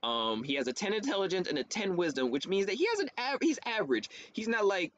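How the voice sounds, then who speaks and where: A man, a theater actor, chatting as a guest in a casual interview, animated, laughing often and jumping up in pitch for quoted voices. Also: fast. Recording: dull lo-fi stream audio with faint hiss.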